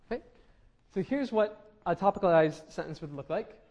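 In a lo-fi recording, a young linguistics instructor gives a classroom lecture with a high, animated voice of darkish tone at normal speed. He explains things patiently, uses a lot of ums, and frequently checks in with his students.

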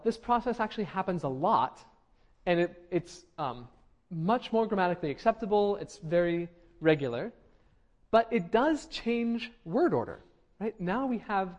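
A young man lectures a linguistics class, explaining patiently, checking in with students often, and using frequent ums. His high voice is expressive and somewhat dark in tone, at a normal speed.

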